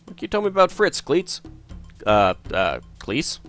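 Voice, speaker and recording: Male let's player, lively pitch, hesitant casual commentary. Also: moderate pace, soft background music. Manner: musing, hesitant, lots of uhs.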